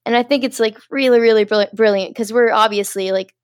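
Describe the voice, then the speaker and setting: A woman's voice: on the high side, steady tone, quick pace, clear, resonant tone. A woman chatting casually about a film, enthusiastic and reading bits from her notes. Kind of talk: casual chat discussing a film.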